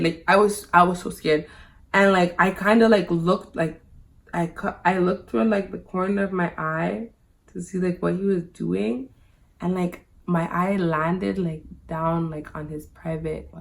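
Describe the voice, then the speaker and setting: In a gravelly voice that runs low and steady, a woman vlogger speaks at a measured pace. She tells her viewers a personal story directly and casually, with "like" in almost every phrase.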